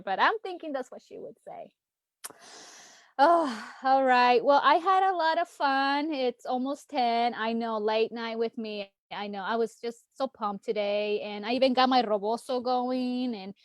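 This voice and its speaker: A woman's voice: a little high, dry recording. A woman in her thirties who is a political candidate, talking in a late-night livestream chat and laughing often between phrases.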